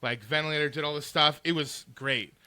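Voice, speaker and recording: Here the co-host's voice sits a little high and moves briskly, with no room sound on the recording. He's casually chatting on a podcast, spinning rambling, animated stories stuffed with "like."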